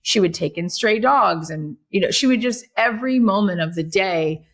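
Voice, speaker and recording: A woman guest on a podcast, telling stories in a lively, chatty way, full of "like" and "right?". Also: medium pitch, moderate pace. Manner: animated storyteller, many fillers like "like" and "right?". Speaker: guest, author and podcast host. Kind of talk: casual podcast conversation.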